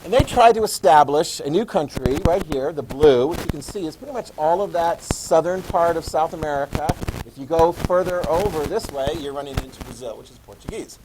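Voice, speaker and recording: A man teaching a history class, animated, asking his students questions and answering them himself. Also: on the high side, brisk, hardly any pauses, noisy background. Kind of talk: classroom lecture.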